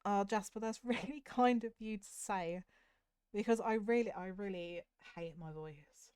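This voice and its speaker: A young woman from the south of the UK with a Southern English accent, chatting openly with her stream viewers in a soft, candid, self-critical way with hesitant restarts. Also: medium pitch, a little slow, clear, resonant tone, no room sound, clean studio sound. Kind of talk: casual chat with stream viewers.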